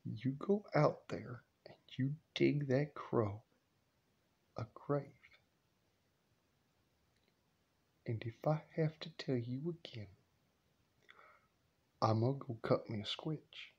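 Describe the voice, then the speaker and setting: A man's voice: on the high side, very animated, normal speed, darkish tone, muffled recording, pitched above the performer's own voice. A man voicing his stern old grandmother, scolding in folksy talk. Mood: hushed threat.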